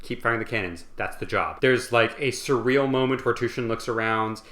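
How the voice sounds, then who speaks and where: A tipsy man rambles through a comedic book summary, swearing freely and tripping over fillers. His voice is bright and forward. A roomy echo hangs on every line. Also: medium pitch, flat delivery, brisk. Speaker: host.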